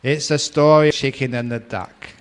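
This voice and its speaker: An older Englishman, a meditation teacher, gives a dharma talk in a mid-range voice with fairly even intonation at normal speed. He tells stories playfully, laughs often and acts out the characters' voices. A hall's long reverb surrounds him, with slight background noise.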